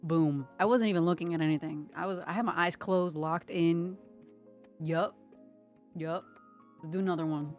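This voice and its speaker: Young woman art streamer, low-pitched and close-miked, playful tongue-twister patter over faint music. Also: fairly even intonation, moderate pace, pauses often, darkish tone. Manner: playful, reciting tongue twisters and laughing at slips. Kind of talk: casual chat while drawing.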